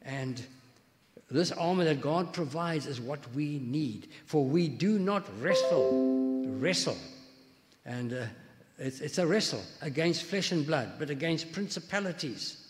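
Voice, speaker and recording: A man's voice: on the high side, a little slow, in a large hall, soft background music. A man, likely an older pastor, preaching a sermon in a conversational way, telling anecdotes and reading scripture aloud.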